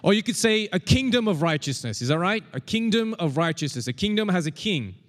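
An emphatic male pastor preaching a sermon, repeating his key phrases and calling on the congregation to say them with him. His voice sits a little high for a man and rings out with a long reverb, as if in a large hall. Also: very animated, fairly quick.

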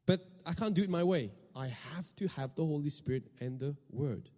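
A man's voice: fairly high pitch, normal speed, dark tone, big-room sound. A man preaching a sermon to a congregation, often asking them questions and repeating words as he goes. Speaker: pastor.

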